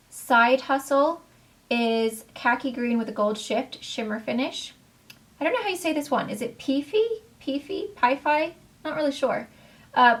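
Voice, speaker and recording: A woman's voice: on the high side, fairly bright tone. A woman beauty vlogger reviewing makeup palettes to camera in a bubbly, gushing, chatty way. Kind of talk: casual product review to camera.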